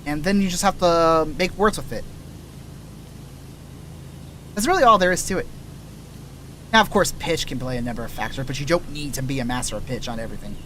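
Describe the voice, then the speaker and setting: A male streamer with a fairly high, fairly bright voice talks fast, rambling casually as he plays and often trailing off before starting over. Like a laid-back teacher, he explains voice-acting tricks, his throat sounding dry and scratchy throughout this meandering gameplay chat.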